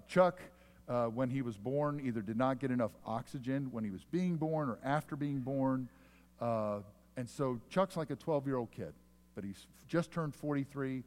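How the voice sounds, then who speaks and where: A pastor preaching in a church hall with a long, ringing reverb. His voice sits at an ordinary middle pitch for a man. He tells his story with animated climbs in loudness, then sinks to soft, slow words. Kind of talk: sermon with storytelling. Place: church sanctuary.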